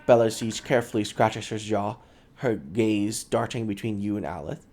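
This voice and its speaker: A man's voice: lowish voice, fairly even intonation, normal speed, darkish tone. A man reading game text aloud in a casual, self-mocking way, sometimes stumbling over words. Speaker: gaming channel host.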